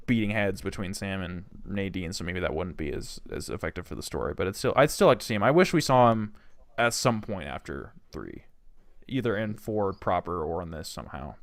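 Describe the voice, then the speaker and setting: A man co-hosting a casual gaming podcast, animated and trailing off quietly at the ends of thoughts. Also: low voice, no echo. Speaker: podcast co-host. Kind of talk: casual chat.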